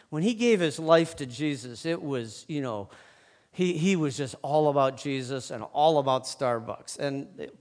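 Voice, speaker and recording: A fairly high-voiced man tells a long, rambling story from a stage, joking with the crowd and circling back on himself. His voice rings out with a long reverb from the big hall. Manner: chatty and joking, many fillers and restarts. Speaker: guest speaker at a church event.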